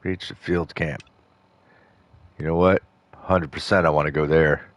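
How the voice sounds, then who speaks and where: Brief: deep-voiced male let's-play host, loose rambling gameplay chatter. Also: steady tone, unhurried, dry recording. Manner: rambling, full of fillers and restarts. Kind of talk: casual gameplay commentary.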